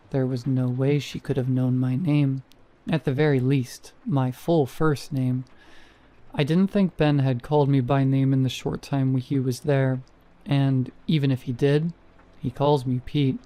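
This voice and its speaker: A man narrating a first-person horror story in a measured, tense delivery. His voice is dark and mellow, sitting at an everyday pitch for a man. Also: level tone.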